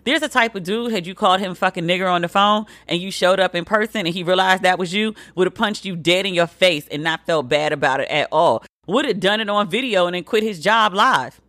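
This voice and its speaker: A woman hosting a solo commentary podcast, talking bluntly and profanely, and jumping up in pitch for emphasis. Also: brisk, few pauses, no room sound, studio quality. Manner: animated, swings pitch high for emphasis. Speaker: podcast host.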